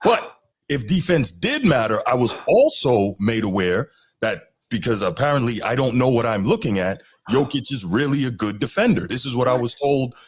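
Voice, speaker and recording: A man's voice: mid-range voice, animated, moderate pace, breathy edge. A man co-hosting a sports podcast, talking in a laid-back, sarcastic, mock-serious way. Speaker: podcast co-host. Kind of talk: casual sports podcast banter.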